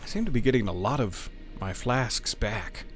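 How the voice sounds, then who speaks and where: A man's voice: medium pitch, lively intonation, moderate pace, faint music behind. A man streaming a video game, talking casually and playfully to the game and his chat, sometimes reading item text aloud in a mock-dramatic way. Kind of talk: casual gameplay commentary.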